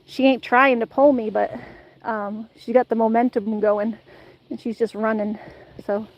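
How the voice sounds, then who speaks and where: A woman's voice: on the high side, flat delivery, measured pace, darkish tone, low-quality recording. Breathless woman chatting on a beach. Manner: playful, laughing, sing-song baby talk to the dog. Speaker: vlogger live-streaming a dog walk. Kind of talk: casual live-stream chat. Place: outdoors on a beach.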